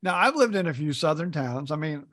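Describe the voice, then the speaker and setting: A man's voice: fairly high pitch, expressive, brisk, fairly bright tone. A middle-aged man from Indiana co-hosting a podcast, telling folksy stories in casual chat. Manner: storytelling, folksy, repeats words when starting. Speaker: podcast co-host.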